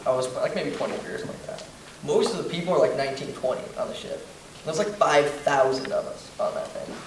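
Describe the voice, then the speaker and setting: A young man in his twenties speaking at a veterans' panel in a relaxed, reflective way, with lots of "like" and "you know.". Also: medium pitch, a little fast. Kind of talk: casual reflective talk at a panel. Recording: very echoey room, distant mic, faint noise.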